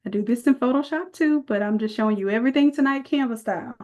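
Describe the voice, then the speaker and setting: A woman's voice: a little high, fast, darkish tone. A woman leading a live online design class, chatty and folksy, calling her viewers y'all as she walks through the steps. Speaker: design instructor.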